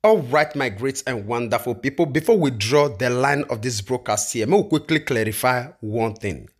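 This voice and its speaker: A man with a Nigerian accent hosting his channel, giving animated, preachy commentary straight to his viewers. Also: mid-range voice, normal speed, noisy background. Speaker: channel host. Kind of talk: broadcast commentary in Pidgin.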